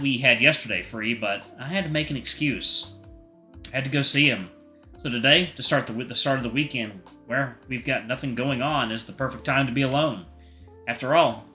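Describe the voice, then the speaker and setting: Brief: male streamer narrating a visual novel, bright and forward tone, playful commentary. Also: mid-range voice. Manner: playful, jokey asides. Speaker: gaming streamer.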